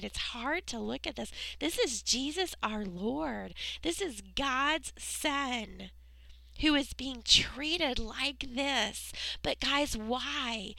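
A woman giving a Bible lesson to children, reading the story slowly and earnestly and dropping into whispers for emphasis. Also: on the high side, vocal fry, pushed and bright, no echo, low-quality recording. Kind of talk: Bible lesson read aloud to kids.

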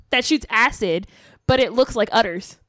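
A woman's voice: on the high side, animated, a little slow, dry recording, clean studio sound. A young woman chatting casually as a podcast co-host, rambling and laughing often. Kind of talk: casual chat.

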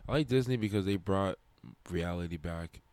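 A young man in casual chat, rambling and animated, swearing now and then. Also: sits low, moderate pace, smooth.

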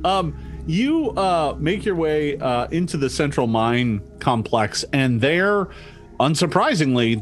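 A young man narrating a tabletop game as game master, hesitant with many fillers and frequent laughs. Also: fairly high pitch.

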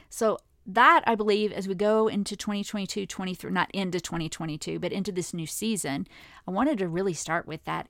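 A woman in her fifties hosting a podcast, telling a personal story to listeners in a candid, chatty way that sometimes drops to a hush. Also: on the low side, gravelly, no echo, clean studio sound. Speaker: podcast host.

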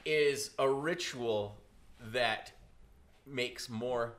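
A man in casual podcast chat, crude, animated and joking. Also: medium pitch, drawn-out words.

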